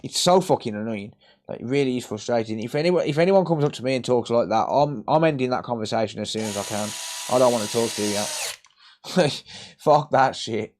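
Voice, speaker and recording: A man's voice: mid-range voice, fairly quick, darkish tone. A man chatting casually on a live repair stream, blunt and sweary, joking and ranting as he works. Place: repair workbench.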